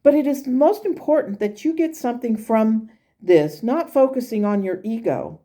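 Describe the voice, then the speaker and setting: A woman's voice: on the high side, animated, moderate pace, warm tone, pitched above the performer's own voice, lightly acted. A woman voicing a blunt but caring spirit guide as she reads its messages aloud. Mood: encouraging. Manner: blunt, encouraging, exasperated at times. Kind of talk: reading channeled messages aloud.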